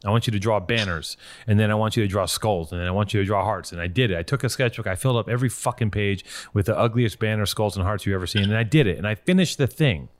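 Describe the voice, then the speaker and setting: Speaking at a quick pace in a fairly low voice, a man hosting a call-in show mixes stories with blunt, profane motivation, all delivered with lively energy.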